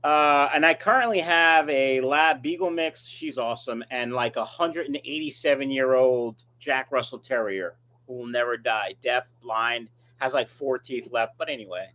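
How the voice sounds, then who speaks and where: A man's voice: medium pitch, moderate pace, hardly any pauses, bright, forceful tone. A man hosting a casual live stream as a fish breeder, reading viewer comments aloud and answering them in a joking, rambling, self-mocking way.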